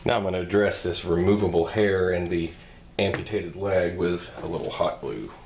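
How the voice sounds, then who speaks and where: Very deep-voiced man narrating a craft tutorial. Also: moderate pace, a little hiss or hum. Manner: calm, soft-spoken step-by-step explanation.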